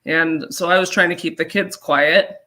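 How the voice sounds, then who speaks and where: A woman from Colorado telling a personal story as an interview guest, halting and earnest, with many fillers. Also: fairly low pitch, fairly even intonation, bright, forceful tone. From Colorado, USA.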